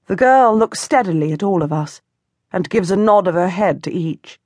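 A woman narrating a historical novel in first person, measured and expressive, close to the mic. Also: lowish voice, no room sound. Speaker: audiobook narrator. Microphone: close studio mic.

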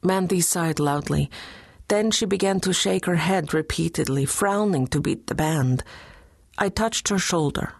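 A woman reading a first-person audiobook in a measured, gentle, soft-spoken way, close to a studio mic. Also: sits low, creaky, slightly rough, no room sound. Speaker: audiobook narrator.

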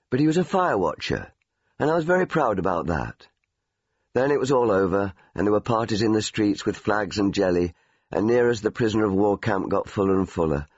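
An older Englishman reads his memoir aloud in a wry, storytelling manner. His voice is low and slightly husky. The studio sound is dry and a little dull. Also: no room sound. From England. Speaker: memoir narrator. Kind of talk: audiobook memoir reading.

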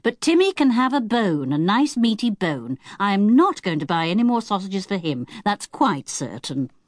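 A woman's voice: mid-range voice, sing-song, normal speed, no echo, clean studio sound, close to an everyday voice. A woman narrator voicing a kindly, sensible middle-aged mother in a children's audiobook. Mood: fond. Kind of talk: audiobook character voice.

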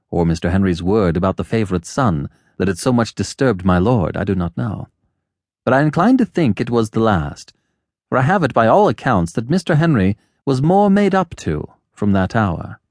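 A man's voice: darkish tone, no room sound, clean studio sound. A man reading a classic novel aloud. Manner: measured, lowered storytelling voice. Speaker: audiobook narrator. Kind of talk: scripted narration of a classic novel.

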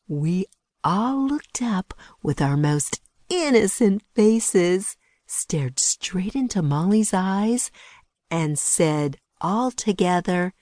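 Slow breathy woman reading a kids' tale. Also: fairly low pitch, no echo, clean studio sound. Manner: lively storytelling, hushed whispers for suspense. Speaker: narrator. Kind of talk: children's audiobook narration.

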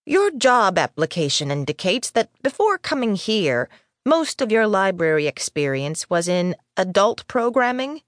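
A woman's voice: mid-range voice, big pitch swings, a little slow, no echo, studio quality. A woman voicing a sullen, reluctant middle-aged female head librarian who speaks in a stiff, grudging way.

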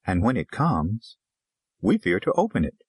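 A man voicing a patient, weary Zulu pastor's wife in an audiobook, speaking softly and pleadingly. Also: lowish voice, huge pitch swings, moderate pace, slightly rough, no room sound, exaggerated voice. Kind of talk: audiobook character reading.

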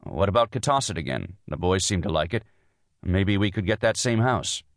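A man's voice: low-pitched, sing-song, moderate pace, no room sound, studio quality. A man narrating an audiobook voices a busy young lawyer husband, brusque and a little dismissive. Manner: brusque, dismissive, then soothing. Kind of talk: audiobook dialogue.

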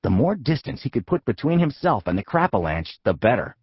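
A man narrating a comic children's audiobook with a husky voice and a lively, playful storytelling manner. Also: mid-range voice, fairly quick, no echo, dull audio.

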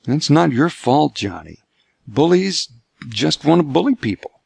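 A man's voice: on the high side, lively intonation, a little slow, gravelly, darkish tone, husky, dry recording, pitched above the performer's own voice, heavily acted. A man voicing a cautious, tender father of a bullied son, speaking tentatively in an audiobook. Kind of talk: audiobook character voice.

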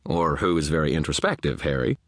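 A man's voice: very deep voice, fairly quick, dry recording, studio quality. A man voicing an earnest, lecturing knight. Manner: calm, insistent, moralizing. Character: earnest, steady male knight, gently lecturing.

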